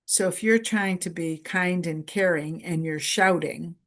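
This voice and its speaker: Speaking slowly and deliberately at a conference, this woman presenter has a voice on the low side. To hammer points home, she restates key phrases in brief lists.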